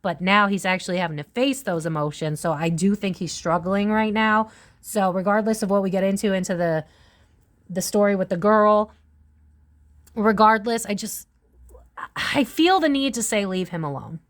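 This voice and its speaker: A woman's voice: mid-range voice, normal speed. A woman giving a casual tarot reading, rambling and swearing, with lots of "it's like" asides. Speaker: tarot reader.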